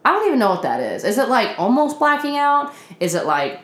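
Brisk and very animated, a woman in her twenties with a slightly high voice delivers a self-deprecating confessional rant in her apartment vlog. She swears a lot, laughs at herself, and sounds tired, with reverberant audio.

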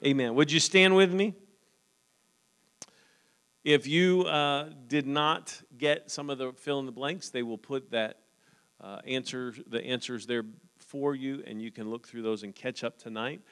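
A man's voice: mid-range voice, unhurried, fairly bright tone, smooth. Man, pastor, earnest sermon, scripture reading, reverberant hall. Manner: reads scripture, then talks earnestly with frequent "Amen?".

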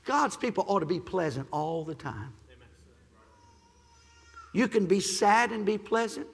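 A man preaching a sermon as pastor, swinging from shouted praise to quiet, gentle teaching. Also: high voice, animated, a little slow, vocal fry, breathy edge, big-room sound.

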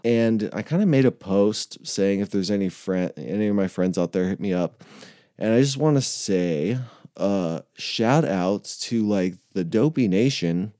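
Podcast guy rambling casual, cusses a lot, laughs a bunch, mellow lowish voice. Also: expressive, measured pace, no echo, studio quality. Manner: loose, profane, laughs often. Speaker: podcast host.

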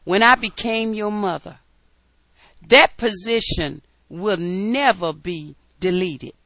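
A woman's voice: medium pitch, slow, fairly bright tone, dry recording. A middle-aged woman, the host's mother as a guest, arguing her point firmly in a casual debate. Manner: firm, insistent.

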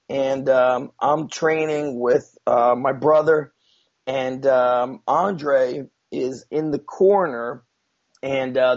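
A man's voice: a little high, darkish tone. Rambling, profane man telling a story. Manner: rambling, profane, many fillers. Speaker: guest. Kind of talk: casual storytelling. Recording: dull lo-fi sound.

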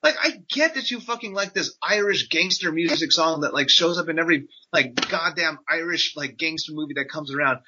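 A man's voice: a little high, expressive, brisk, hardly any pauses, background noise. A man co-hosting a podcast, ranting with lots of swearing and sarcastic mock quotes. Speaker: podcast co-host. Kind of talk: casual podcast rant. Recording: dull lo-fi podcast audio.

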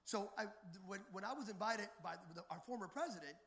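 Male pastor, very high voice, forceful, emphatic sermon delivery, jokey asides. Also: animated, fairly quick. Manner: emphatic preacher, rising to shouted calls. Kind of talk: live sermon with storytelling.

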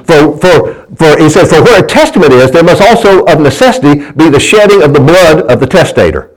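A preacher man with a somewhat high voice delivers a folksy sermon. He keeps asking his congregation for answers and trips over and repeats his words as he pushes his point. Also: lively intonation, a little fast, poor audio. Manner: folksy preaching with call-and-response and stumbling restarts. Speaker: pastor.

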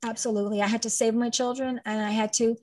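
A woman's voice: on the high side, steady tone, fast, darkish tone. A middle-aged woman, a guest in an interview telling her story in an emphatic, rambling way. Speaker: guest, parent advocate and trainer. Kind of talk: conversational interview.

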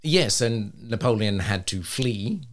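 A man's voice: on the low side, expressive, slow. A man co-hosting a casual chat, telling a story with wry asides. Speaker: podcast co-host.

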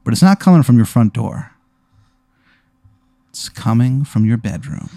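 A man's voice: mid-range voice, animated, unhurried, gravelly, dark tone, slight background noise. A man casually telling an improvised hypothetical story, in a laid-back way with lots of fillers.

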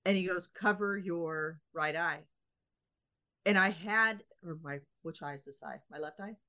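This podcast co-host is a woman with a fairly low, unhurried voice. She shares an animated story in relaxed chat, voicing each person's lines in the back-and-forth.

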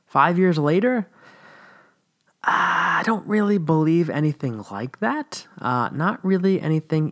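A man's voice: mid-range voice, fairly bright tone. A man in his late thirties giving a blunt, candid personal monologue about his faith, with wry asides and frank language. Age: 30s. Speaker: former church teacher.

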